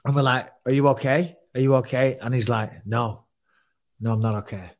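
A man's voice: mid-range voice, brisk. A man, co-hosting a podcast and telling a story in casual chat, swearing often and acting out other people's lines. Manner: swearing, animated retelling with quoted voices. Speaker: podcast co-host.

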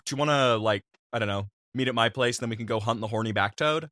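A man in his twenties co-hosting a comedy podcast, trading dry, jokey deadpan asides. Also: mid-range voice, fast, dry recording. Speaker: podcast co-host. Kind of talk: casual comedic banter.

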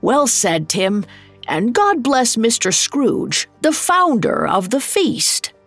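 A humble, loving family father, voiced by a woman narrator in a storybook reading, tender and brave-faced. Slow, slightly gravelly delivery over faint music. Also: fairly high pitch, very animated, dry recording, pitched above the performer's own voice, full character voice.

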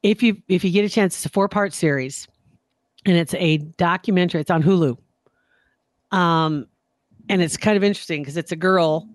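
A woman's voice: on the low side, normal speed, long pauses, no echo. A woman co-hosting a talk show in casual chat, chatty and self-deprecating, often restarting her sentences. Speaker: podcast co-host.

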